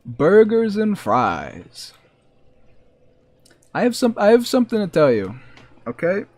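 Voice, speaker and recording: A man commentating his own gameplay for a live audience, his voice sitting a little high for a man. He talks slowly and rambles, teasing himself and his viewers in a self-mocking tone. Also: huge pitch swings, darkish tone, no echo. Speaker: game streamer.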